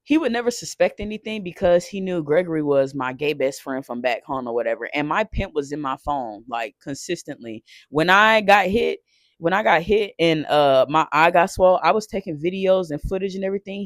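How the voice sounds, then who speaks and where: A man telling a painful personal story off the cuff, emotional and halting, swearing and restarting often. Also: fairly high pitch, fairly bright tone, dry recording, studio quality. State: shaken while recounting.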